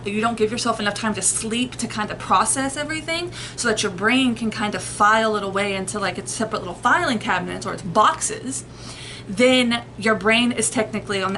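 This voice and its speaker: A woman's voice: a little high, fairly bright tone, a little hiss or hum, low-quality recording. A woman explaining things to her viewers in a casual, rambling way, restarting her sentences and reaching for everyday comparisons. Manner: rambling, conversational, frequent restarts and analogies. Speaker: host explaining sleep and nightmares.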